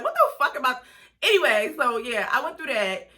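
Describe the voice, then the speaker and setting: A woman's voice: fairly high pitch, normal speed. A young woman with speech, casually telling a personal story in a chatty vlog, full of fillers. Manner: chatty, lots of fillers, animated retelling. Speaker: vlogger and lash artist.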